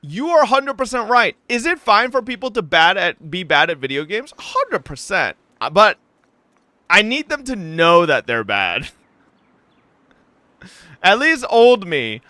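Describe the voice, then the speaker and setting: Young male streamer, bright lively voice, swears freely, dry close sound. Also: high-pitched, a little slow, long pauses, no echo. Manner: profane, animated, frequent "right?" tags. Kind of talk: casual ranting story to chat.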